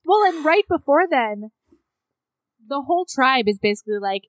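A woman's voice: high voice, expressive, moderate pace, crowd noise, poor audio. A woman co-hosting a podcast, chatting casually about a book, frank and profane, laughing often. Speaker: podcast co-host.

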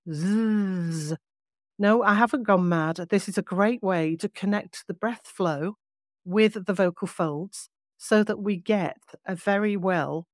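Measured woman voice coach, close dry sound. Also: medium pitch, no room sound. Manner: clear, measured and explanatory. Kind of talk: podcast teaching.

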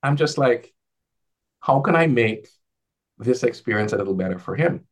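A man talking casually as a guest on a video call, an advisor who tells animated stories and acts out the dialogue in a lifted voice. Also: mid-range voice, moderate pace. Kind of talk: casual conversational storytelling.

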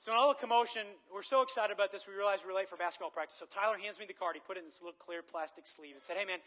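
A male preacher delivers a sermon through a vivid personal story. His voice is bright and forceful, sitting a little high for a man, and he swings from loud, excited storytelling to quiet earnest moments. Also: very fast, low-quality recording. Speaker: pastor.

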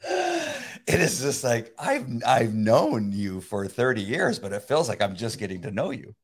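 A man's voice: mid-range voice, huge pitch swings, husky. Rambling, laughing man in casual chat. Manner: rambling, laughs often, halting restarts. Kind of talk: casual conversation.

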